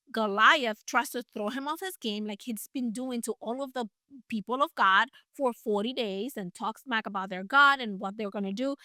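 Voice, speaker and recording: A woman's voice: fairly high pitch, bright, forceful tone, no room sound, studio quality. A woman retelling a Bible story in a casual, chatty way, with playful asides and emphasis.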